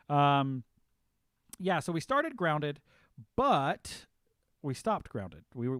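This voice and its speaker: A man's voice: medium pitch, smooth, no room sound. Chatty rambling man streaming a game. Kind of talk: casual live-stream chat.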